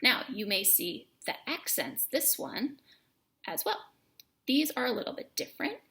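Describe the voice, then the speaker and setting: Female music teacher, bright voice with a gravelly edge, clear and encouraging delivery. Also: on the high side, very animated, measured pace. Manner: clear, encouraging explanation with emphatic key words. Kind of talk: instructional lesson.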